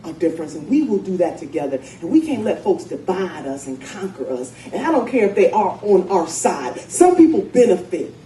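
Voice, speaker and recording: A woman's voice: lowish voice, sing-song, brisk, hardly any pauses, mellow. Fiery woman speaking in echoey hall. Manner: fiery, emphatic, rallying. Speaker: state senator giving a speech. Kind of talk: rousing political speech. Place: conference room with audience. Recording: echoey room, distant mic, crowd noise.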